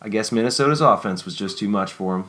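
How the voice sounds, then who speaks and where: A worn-out young man who answers with dry humor and quiet resignation, voiced by a male narrator. He speaks low-key and a touch subdued. Soft guitar sits behind the voice. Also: fast, close to an everyday voice, rough recording. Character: weary young man, recently separated.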